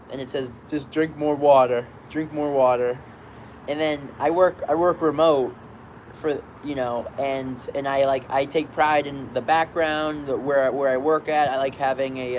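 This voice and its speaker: Upbeat man, slightly high voice, chatting casually to viewers from a balcony hammock, street sounds audible behind. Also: a little hiss or hum. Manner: rambling, upbeat, greets viewers by name. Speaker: live-stream host. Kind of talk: casual live-stream chat. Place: outdoors on a balcony, lying in a hammock.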